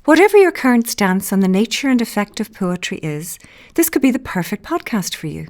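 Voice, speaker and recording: A woman's voice: medium pitch, big pitch swings, brisk, dry recording. A woman hosting a podcast, delivering a flowery, theatrical scripted introduction. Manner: ornate, theatrical, wordplay-loving delivery. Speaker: podcast host.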